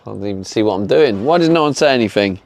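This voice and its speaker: While working on a camper van, a man chats casually with his livestream viewers in a relaxed way, filler words everywhere. His voice is fairly low, expressive, and creaky, and he speaks fast.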